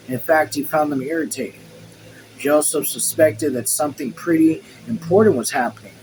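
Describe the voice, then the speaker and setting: A man reading a novel aloud casually, slow and halting over words, breaking off for chatty asides. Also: fairly high pitch, noisy background. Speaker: read-along host.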